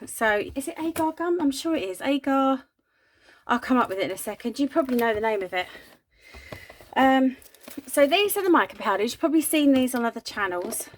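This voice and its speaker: Woman, casual craft vlog host, rambling and giggly, breathy, fairly high pitch, faint hiss behind. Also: lively intonation, fairly quick. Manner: chatty, giggly, rambling with many ums. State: breathy from asthma. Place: home craft room.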